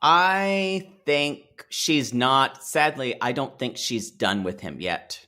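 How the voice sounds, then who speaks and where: A woman's voice: very deep voice, animated, slow, sharp tone. A woman co-hosting a podcast, chatting wryly about a reality show with frequent ums. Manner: wry, hesitant with ums. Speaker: podcast co-host. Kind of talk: casual recap chat.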